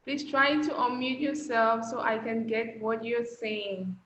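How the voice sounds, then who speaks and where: A woman teaching a language class over a video call, patient and slowing down to model phrases. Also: fairly high pitch, a bit bright, a little hiss or hum. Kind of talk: online class instruction. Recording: echoey, dull lo-fi call audio.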